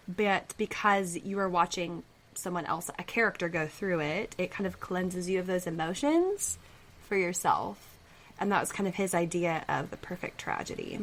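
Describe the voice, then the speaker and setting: A woman co-hosting a podcast who explains ideas in a hesitant, thoughtful way, pausing with many ums. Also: lowish voice, a bit bright. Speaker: podcast co-host. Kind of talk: casual chat.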